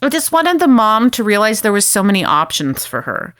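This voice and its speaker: A woman's voice: mid-range voice, very animated, fairly quick, a bit bright, no room sound, studio quality. A woman co-hosting a podcast in casual chat, talkative and laughing often. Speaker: podcast co-host.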